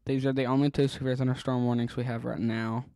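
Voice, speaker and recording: A man talks through live weather radar as he watches it, pausing often with ums and hedging his calls. His voice sits at an ordinary middle pitch. The sound is dry and close, with no room around it. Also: flat delivery, dark tone, clean tone, no room sound. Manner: hesitant, frequent ums and trailing pauses; thinking aloud, unsure.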